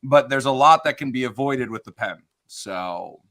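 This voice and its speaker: Bright-voiced man musing on a podcast. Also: medium pitch, expressive, moderate pace. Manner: enthusiastic, musing. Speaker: podcast co-host. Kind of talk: casual chat.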